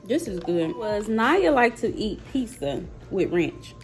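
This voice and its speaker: Slow-talking woman, chatty vlogger. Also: mid-range voice, very animated, soft background music. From Mississippi, USA. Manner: chatty and playful, talking straight to viewers. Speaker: mother and vlogger tasting snacks. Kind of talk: casual chat to camera.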